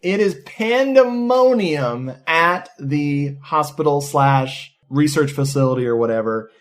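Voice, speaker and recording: A man co-hosting a podcast, retelling a movie's plot in an excited, profane, casual way. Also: on the high side, measured pace. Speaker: podcast co-host. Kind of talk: casual movie review chat.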